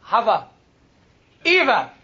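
Slow high-voiced man teaching scripture. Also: huge pitch swings, pushed and bright. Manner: slow, searching for English words. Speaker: Bible lecturer. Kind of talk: informal Bible talk. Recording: dull lo-fi sound.

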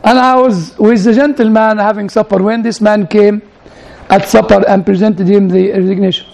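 Man, preacher, very high voice, gravelly fry, chatty sermon, keeps asking the audience "you know?". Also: steady tone, normal speed, a little mellow, rough recording.

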